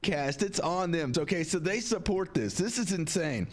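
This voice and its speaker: A man's voice: high-pitched, expressive, normal speed. A man co-hosting casual reaction commentary in a sarcastic, mocking manner.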